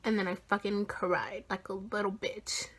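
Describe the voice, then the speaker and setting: Young woman vlogger, 18, excited storytelling with heavy swearing and whispered asides. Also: medium pitch, moderate pace, slightly rough. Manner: animated, swears a lot, drops into whispers. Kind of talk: casual storytime vlog.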